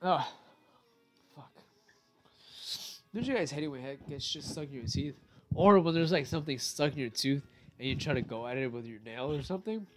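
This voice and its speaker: A young adult man hosts a podcast, telling stories in a casual, rambling, animated monologue full of swearing. His mid-range voice moves at a moderate pace with long pauses, and faint music plays behind him.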